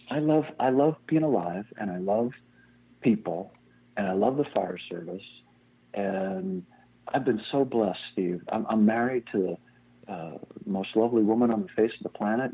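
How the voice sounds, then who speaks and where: Older man, fire chief guest, husky voice, rambling and self-deprecating, tinny phone-line sound. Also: on the low side, normal speed. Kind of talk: casual interview talk.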